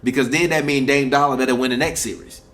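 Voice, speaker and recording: A man's voice: mid-range voice, fairly even intonation, fast talker, a bit bright. A young man, co-hosting a casual sports podcast at home, blunt and profane, hammering his points by repeating them. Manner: blunt, emphatic, profane, repeats himself for emphasis. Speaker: podcast co-host. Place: apartment room.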